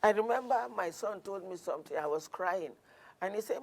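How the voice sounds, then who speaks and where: A woman's voice: fairly low pitch, expressive, normal speed. A woman counsellor speaking earnestly in an interview, telling stories from her clinic with frequent restarts. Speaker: guest counsellor. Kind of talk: conversational interview.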